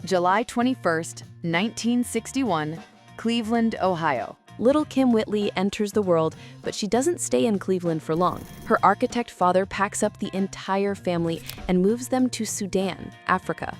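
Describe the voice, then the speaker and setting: A woman's voice: medium pitch, moderate pace, faint music behind. Woman narrating with dramatic teasers. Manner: dramatic, teasing build-up. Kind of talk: scripted documentary narration.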